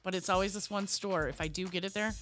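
A woman co-hosting a casual podcast, telling lively stories and acting out sassy quoted voices. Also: fairly low pitch, quick pace, soft background music. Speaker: podcast co-host. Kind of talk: casual chat.

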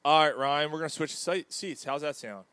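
A man's voice: a little high, normal speed, clean tone, dry recording. A man hosting a casual sports talk show from a bar, joking around and swearing freely in loose banter. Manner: joking, profane, animated banter. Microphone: desk microphone.

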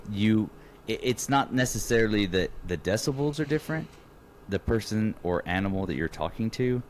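A man's voice: lowish voice, animated, normal speed, slight background noise. A man co-hosting a podcast in casual chat, laid-back, laughing easily and explaining with examples. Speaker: podcast co-host.

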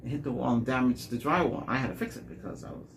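Gravelly-voiced man telling dating stories. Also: medium pitch, fast talker, slight background noise. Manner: rambling, repeats words, animated when quoting. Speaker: dating vlogger. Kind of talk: casual storytelling monologue.

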